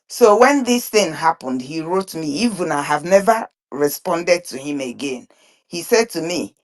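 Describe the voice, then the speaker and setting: A woman's voice: low-pitched, expressive. A woman, speaking earnestly in an online group discussion, often stumbling and repeating words. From Nigeria (Biafran region). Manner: halting, repeats and restarts words; earnest, emphatic. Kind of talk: impassioned spoken commentary.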